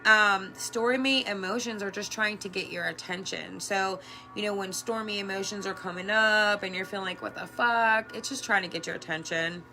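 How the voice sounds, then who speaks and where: A woman speaks with a bright, clear tone in a casual, earnest motivational talk, chatty and quick to laugh. She swears casually as she coaches her viewers. Faint music plays softly behind her. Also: mid-range voice, steady tone. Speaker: energy worker and life coach.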